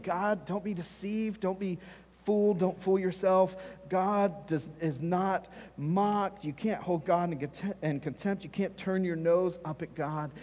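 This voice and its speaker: Emphatic pastor preaching in a reverberant church. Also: male voice, a little high, a little mellow. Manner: emphatic, repeats key phrases for stress. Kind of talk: sermon. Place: church sanctuary. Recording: long reverb of a church hall.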